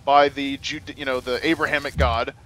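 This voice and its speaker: Bright, sarcastic man chatting over gameplay. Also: mid-range voice, normal speed. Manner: sarcastic, animated, stammering restarts. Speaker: gaming co-host. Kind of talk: casual chat over gameplay.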